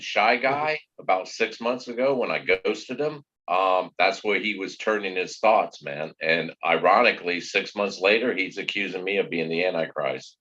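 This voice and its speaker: A man's voice: low-pitched, a bit bright, dull audio. A man rambling and joking as a guest in a casual live-stream chat, teasing the host.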